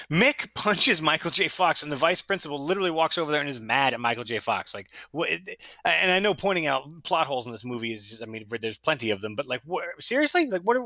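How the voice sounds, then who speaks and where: Casual male co-host, very bright, lively pitch, rambling storyteller. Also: dry recording. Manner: animated, laughing storyteller who rambles. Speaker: podcast co-host. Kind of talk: casual chat.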